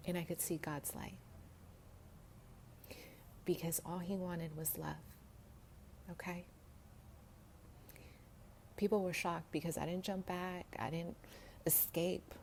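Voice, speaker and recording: A woman's voice: on the low side, level tone, takes it slowly, gravelly, pauses often, a little mellow. A woman telling a rambling personal story to her viewers, laughing often and dropping into whispers. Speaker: vlogger. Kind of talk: casual storytelling to camera. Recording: faint background noise.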